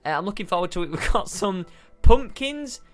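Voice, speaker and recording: A man's voice: sits high, expressive, normal speed, a bit bright, faint music behind. A young man giving bubbly, chatty gameplay commentary as a video game host, often giggling and using fillers.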